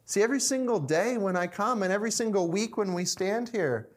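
A man voicing a cheerful, devoted male factory worker in a spoken story, speaking softly and earnestly. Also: high voice, animated, a little fast, voice pushed up.

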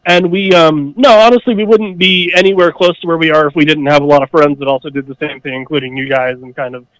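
A man's voice: on the high side, steady tone, fast talker, a bit bright, clean tone, dry recording, poor audio. A man as a podcast guest, talking wryly with lots of ums and restarts. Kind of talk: casual podcast chat.

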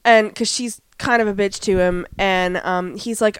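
A chatty woman co-hosting a fan podcast, breezing through an episode recap and jumping into the characters' lines. Her voice is smooth and clean. The recording is dry, with no room sound. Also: mid-range voice, steady tone, normal speed, few pauses, dry recording. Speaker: podcast co-host. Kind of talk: casual fan podcast chat.

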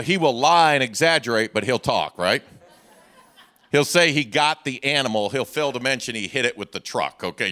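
Lively bright-voiced pastor. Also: male voice, medium pitch. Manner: rhetorical "how many believe" questions, folksy humor. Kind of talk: sermon.

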